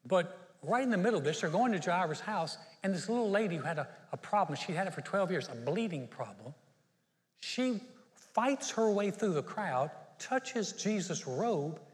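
Man, pastor, sermon, storytelling, somewhat high voice, long hall reverb. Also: animated, moderate pace. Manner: storytelling, acts out the Bible characters.

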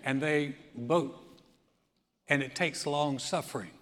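A man's voice: a little high, takes it slowly, background noise. A man in his sixties preaching a sermon, telling stories with laughs and frequent restarts. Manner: animated storytelling with laughs and restarts. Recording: long hall reverb.

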